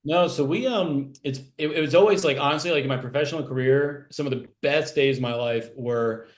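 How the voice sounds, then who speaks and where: A man's voice: mid-range voice, fairly quick. A man being interviewed about his writing work, talking in a rambling way, full of fillers and restarts. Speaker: TV animation writer, interview guest. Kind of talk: casual interview chat.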